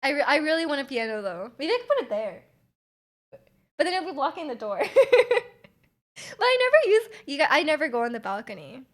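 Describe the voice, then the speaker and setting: Chatty woman streamer, slightly high voice. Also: a little fast, long pauses. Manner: chatty, many fillers, reads chat aloud; loud and energetic, volume jumps around. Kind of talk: casual live-stream chat.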